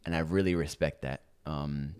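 Podcast host, very low male voice, laid-back swearing chatter. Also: moderate pace, background noise. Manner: casual and relaxed, heavy swearing, fillers. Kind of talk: casual chat.

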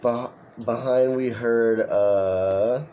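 A man hosting a podcast, reading an online story aloud and breaking in with crude, animated comments. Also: medium pitch, extremely slow, muffled recording. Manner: profane, animated storytelling with asides. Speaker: podcast host.

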